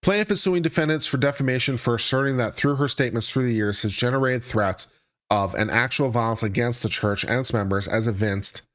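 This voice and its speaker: A man's voice: mid-range voice, fairly quick, a bit bright. A man hosting a live stream, reading a court filing aloud and breaking off into dry, sarcastic commentary. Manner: reads legal text aloud then breaks off into sarcastic asides. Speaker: legal commentary host.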